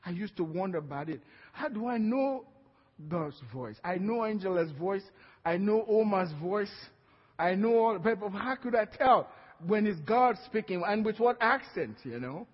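Male pastor with a Nigerian accent, high and husky, emphatic call-and-response preaching; lo-fi church recording. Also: lively intonation, normal speed. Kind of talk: sermon. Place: church hall. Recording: dull lo-fi sound with long hall reverb.

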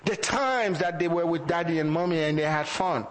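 A man's voice: fairly high pitch, lively intonation, normal speed, hardly any pauses, in a large hall, rough recording. A man preaching a sermon as pastor, asking the congregation rhetorical questions and chuckling between points.

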